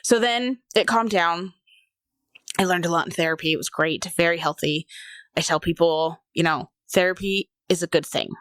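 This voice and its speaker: Woman in her thirties, fairly low voice, candid personal storytelling, dry close sound. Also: moderate pace, fairly bright tone, dry recording. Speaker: podcast co-host. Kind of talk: casual chat.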